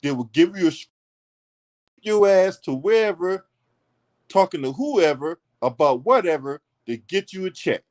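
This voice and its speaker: A man with a fairly high voice tears into politics in a heated, profane commentary rant. He is blunt and mocking, swearing at every turn as he talks straight to his audience. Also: expressive, measured pace, darkish tone.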